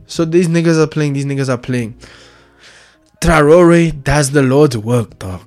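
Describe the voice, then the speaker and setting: A young man rants casually about football, excitable and slang-heavy, tagging nearly every phrase with street slang. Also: mid-range voice. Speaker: vlogger.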